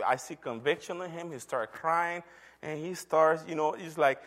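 A middle-aged church elder with a slightly high, bit bright voice speaks at normal speed. He delivers an earnest sermon testimony as a story, acting out the quotes.

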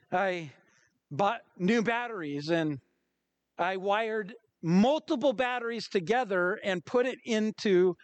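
A middle-aged pastor with a notably high voice preaches with energy, slipping into little acted-out quotes. The sound is dry and close, with almost no room around him. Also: male voice, no room sound. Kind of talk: sermon.

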